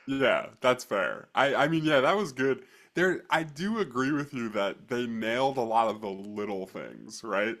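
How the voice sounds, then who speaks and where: A man's voice: mid-range voice, expressive, unhurried, hardly any pauses, fairly bright tone. A young man co-hosting a movie podcast, chatting casually, acting out quoted lines and trailing off with hedges. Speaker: podcast co-host. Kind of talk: casual movie review chat.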